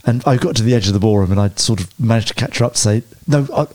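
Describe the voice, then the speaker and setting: A man telling lively personal stories as an interview guest, often stumbling and restarting mid-sentence. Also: on the low side, very fast. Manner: animated anecdotes with hesitant restarts. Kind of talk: storytelling interview chat.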